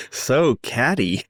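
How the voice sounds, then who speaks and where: A man in a casual podcast chat who is easygoing and quick to joke. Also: on the high side, fairly bright tone, dry recording, clean studio sound.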